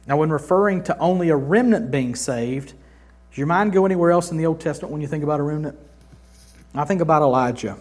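A man's voice: a little high, fast. A man preaching a sermon in a dramatic, conversational way, mixing humorous asides with vivid retellings of scripture. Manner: dramatic, acts out scripture scenes with big swings from loud to hushed. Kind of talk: sermon teaching.

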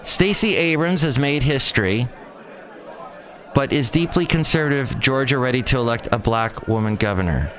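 A man's voice: medium pitch, normal speed, a bit bright, a faint crowd. A man hosting a show, chatting casually and telling a story with mocking asides. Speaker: host. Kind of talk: casual chat.

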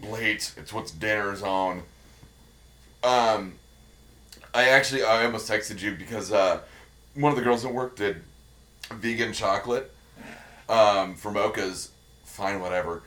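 A man's voice: lowish voice, pushed and bright. Profane rambling man chatting casually. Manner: profane, rambling, with quick put-on voices. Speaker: podcast co-host. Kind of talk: casual chat.

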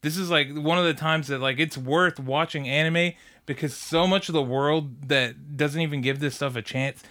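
A man's voice: a little high, fairly even intonation, moderate pace, pushed and bright. A man co-hosting an anime podcast, enthusiastic and laid-back, often restarting his sentences. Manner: enthusiastic, laid-back, stumbles over words. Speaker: podcast co-host. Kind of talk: casual chat.

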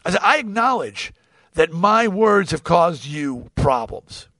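Lively storytelling man, dry close sound. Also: high-pitched, a little slow, no room sound. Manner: animated, acts out quoted dialogue, swears freely. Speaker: podcast host. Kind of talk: casual storytelling monologue.

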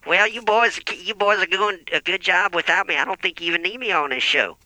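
A man doing Earl, a pitch-shifted coal-miner weatherman. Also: a little fast, sharp tone, no echo, low-quality recording. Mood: folksy. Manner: folksy, keeps repeating his own name.

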